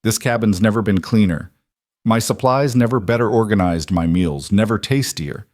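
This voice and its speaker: A man's voice: lowish voice, normal speed, a little mellow, dry recording, studio quality, lightly acted. A man voicing a plain-spoken, protective frontier trapper in a storybook reading. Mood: reflective.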